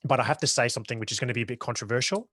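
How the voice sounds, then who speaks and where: A man's voice: medium pitch, racing, a bit bright, dry recording. An Australian man co-hosting a podcast, chatting casually and enthusiastically about a war film, often restarting his sentences. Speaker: podcast co-host. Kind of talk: casual film review chat.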